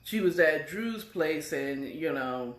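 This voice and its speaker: A woman's voice: sits low, expressive, slow. A woman casually retelling a romance novel chapter, chatty and full of fillers and self-corrections. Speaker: storyteller. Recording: echoey room.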